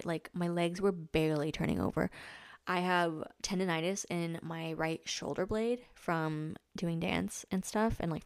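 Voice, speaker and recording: A woman's voice: lowish voice, vocal fry, dry recording, clean studio sound. A woman in her twenties hosting a podcast, casually chatting about a race, full of "like" fillers. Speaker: podcast host. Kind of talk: casual chat recounting a race.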